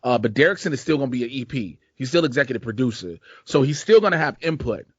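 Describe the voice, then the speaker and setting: A man's voice: mid-range voice, expressive, fast, slightly rough, dry recording. A man from Chicago hosting a casual podcast, rambling in a laid-back, profane way with plenty of slang. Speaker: podcast host. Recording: dull lo-fi dry sound.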